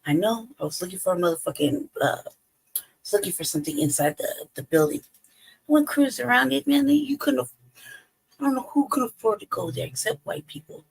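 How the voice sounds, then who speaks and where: Gravelly, laughing, profane live-stream host. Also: medium pitch, fairly quick, poor audio. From Colorado. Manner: swears constantly, laughs between lines; lively storytelling with quoted asides. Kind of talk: casual profane rant. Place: home, indoors.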